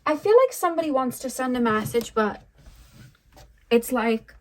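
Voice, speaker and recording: A woman's voice: high voice, animated, normal speed, a little hiss or hum, poor audio. A young woman doing a casual tarot reading, chatty, with many fillers. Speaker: tarot reader.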